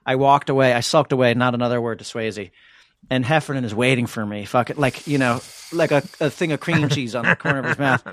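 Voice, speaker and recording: A man co-hosting a podcast, telling a story in a lively, profane, casual way. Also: mid-range voice, fairly quick, no echo. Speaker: podcast co-host.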